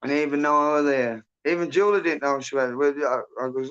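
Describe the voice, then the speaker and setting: A man's voice: on the high side, normal speed, a bit bright, smooth. A man hosting a casual livestream chat, rambling and blunt, swearing a lot and calling people mate and bro. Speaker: livestream host. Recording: dull lo-fi stream audio.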